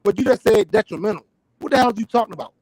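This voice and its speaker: A man's voice: high voice, racing, a little mellow, no echo, low-quality recording. A middle-aged man in a heated boxing debate over a voice call, insistent, repeating his questions and swearing. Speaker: panel debater. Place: online voice call.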